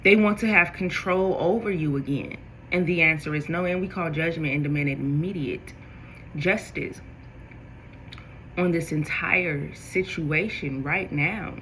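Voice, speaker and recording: A woman giving a spiritual tarot reading, talking straight to her viewers in an animated way. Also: low voice, measured pace, a little hiss or hum, low-quality recording. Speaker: tarot reader.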